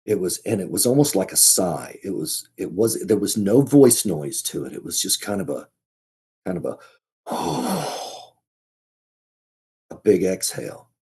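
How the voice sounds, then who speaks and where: A man as a podcast guest, telling a story in a casual, halting way, often restarting and repeating his words. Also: sits low, animated, dark tone, slightly rough.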